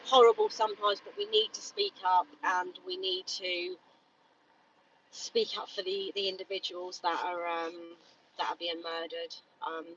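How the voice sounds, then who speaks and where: A woman protesting outside a shop, talking angrily and haltingly with many fillers and repeated words. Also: fairly low pitch, flat delivery. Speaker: animal rights protester. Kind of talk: live-streamed street protest vlog. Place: outdoors outside a shop on a street. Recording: dull phone audio, distant, loud street noise.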